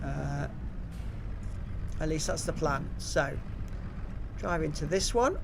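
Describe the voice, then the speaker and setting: A man's voice: on the high side, expressive, slow, vocal fry, background noise. Chatty English man streaming a game. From England. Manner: chatty, reads out viewer comments, frequent ums and uhs. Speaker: live-streaming gamer. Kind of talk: casual live-stream chat.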